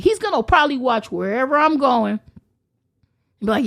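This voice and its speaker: A young woman, a podcast guest, ranting in loud, brash, profane casual chat and laughing as she goes. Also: high voice, big pitch swings, brisk, pauses often.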